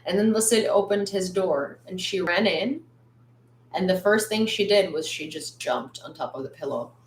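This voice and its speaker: A woman's voice: fairly low pitch, moderate pace. A woman hosting a casual news livestream from a room at home, chatty with lots of fillers and blunt when she lectures. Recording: roomy echo.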